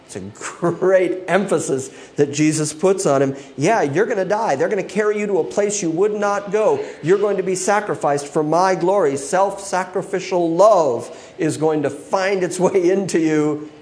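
A man's voice: sits high, moderate pace, hardly any pauses, a little mellow. A male pastor preaching an expository sermon, acting out quoted voices and laughing often.

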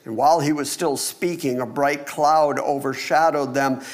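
A middle-aged man preaching a sermon and reading Bible passages aloud, animated and acting out the people in the story. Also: on the high side, normal speed. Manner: animated, acts out the disciples. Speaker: pastor.

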